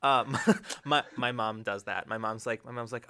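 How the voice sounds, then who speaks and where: Bright-voiced man telling stories. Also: medium pitch, normal speed, few pauses, clean tone. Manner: animated storyteller, laughs often. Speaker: podcast co-host. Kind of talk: casual chat.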